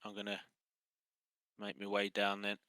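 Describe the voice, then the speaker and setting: A man's voice: fairly low pitch, monotone, moderate pace, bright, forceful tone, clean tone, no room sound. A man playing a tabletop game, chatting casually and asking short questions. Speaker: player.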